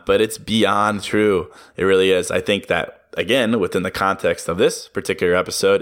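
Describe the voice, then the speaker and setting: A young man hosts a solo podcast, speaking candidly in a casual monologue, swearing freely and laughing at himself. His voice is deep and a bit bright.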